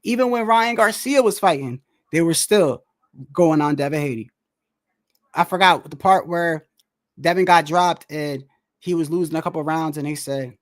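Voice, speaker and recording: A man, a boxer, chatting casually about a fight, animated and laughing, saying "bro" a lot. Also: a little high, moderate pace. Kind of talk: casual fight commentary chat.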